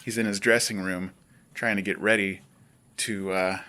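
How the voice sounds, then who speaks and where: Bright-voiced rambling young man. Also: low-pitched, fairly even intonation, normal speed. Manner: rambling and self-mocking, with frequent hesitations. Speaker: vlogger. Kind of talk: rambling self-reflective monologue.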